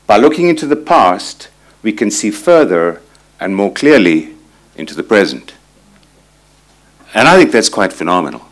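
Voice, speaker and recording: A man's voice: on the low side, sing-song, normal speed, long pauses. A man in his sixties giving a reflective conference talk, telling personal stories and reading quotations aloud. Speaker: conference speaker. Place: conference hall.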